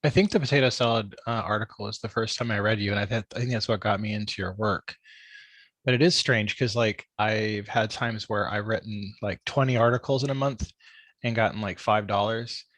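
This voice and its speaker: A man's voice: on the low side, fairly even intonation, fairly quick, a bit bright, dry recording. A man hosting a food podcast, chatty and prone to laughing anecdotes. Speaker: podcast host. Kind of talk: casual interview conversation.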